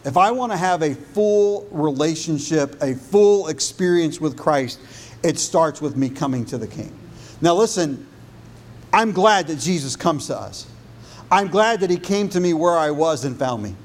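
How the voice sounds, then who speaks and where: High-voiced pastor preaching. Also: male voice, lively intonation, unhurried. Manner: rhythmic preaching, repeating phrases, dropping low and soft for emphasis. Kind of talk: sermon.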